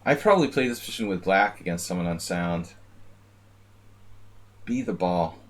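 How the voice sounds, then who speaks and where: A man's voice: sits low, lively intonation, normal speed. A man live-streaming blitz chess, chatting casually with viewers and rambling jokingly between moves. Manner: rambling, joking, talks to chat.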